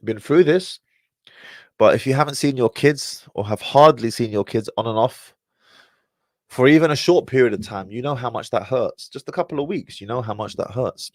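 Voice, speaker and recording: A man's voice: medium pitch, normal speed, no echo, studio quality. A man talking casually to his livestream viewers. He sighs often as he talks. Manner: animated, sighing often. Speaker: livestream host.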